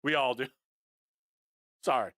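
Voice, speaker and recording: A man breaking down football game film on a live stream, animated and fired up, talking straight to his viewers. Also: medium pitch, a little slow, no echo, studio quality. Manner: addresses viewers as guys, often adds okay.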